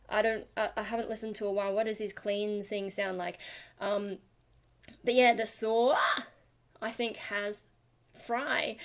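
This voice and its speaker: A tired young woman, a singer and channel host, rambling casually and self-deprecatingly about vocal technique into a webcam. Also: on the high side. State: tired from lack of sleep. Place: home, talking to a webcam.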